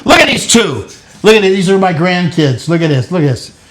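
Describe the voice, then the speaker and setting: A man's voice: high voice, very animated, brisk, fairly bright tone. An older man hosting a home cooking show, cheerfully coaching his grandkids through making pizza in a kitchen. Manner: encouraging, playful, coaxing children. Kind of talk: casual cooking demonstration with kids.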